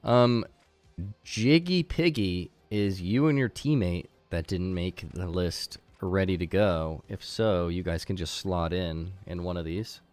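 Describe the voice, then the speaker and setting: A man's voice: sits low, measured pace, a little mellow, no echo, faint music behind. A man hosting a game tournament on a live stream. He talks casually to his chat, rambling with fillers and restarts.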